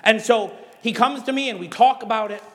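High-voiced Midwestern pastor preaching. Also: male voice, fairly quick, in a large hall. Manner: animated storytelling with emphatic exhortations. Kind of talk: sermon.

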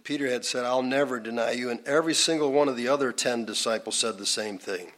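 A man at an ordinary middle pitch leads an informal Bible teaching, chatting through it in a folksy way. He drops in asides and fillers, then suddenly lifts his voice to stress a name or a point. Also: a little fast, few pauses, a bit bright. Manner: folksy and conversational, with pitch jumping up for emphasis.

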